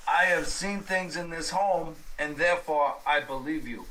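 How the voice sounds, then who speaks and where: A man doing an earnest, stammering investigator in a horror tabletop game. His voice sits a little higher than most men's. He halts and restarts as he pleads his case. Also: a little slow, sharp tone, a little hiss or hum, low-quality recording. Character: earnest male paranormal investigator on the phone. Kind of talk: horror tabletop role-play.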